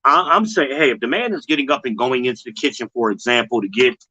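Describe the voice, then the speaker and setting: A man hosts a casual commentary livestream, speaking bluntly and with slang straight to his viewers, mocking others in high, put-on voices. He talks fast with a sharp tone, and the recording is muffled with a little hiss or hum.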